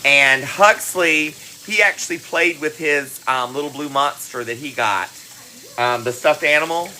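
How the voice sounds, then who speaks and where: A woman's voice: low voice, measured pace, pushed and bright, slight background noise, rough recording. A woman hosting a cooking livestream, greeting viewers by name in a chatty, affectionate way. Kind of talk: casual live-stream chat. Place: home kitchen.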